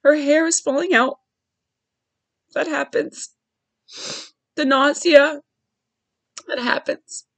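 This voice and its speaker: A woman's voice: high-pitched, steady tone, slow, pauses often, no room sound, rough recording. A woman hosting a podcast, sharing a personal story in an earnest, heartfelt way with frequent restarts. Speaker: podcast host.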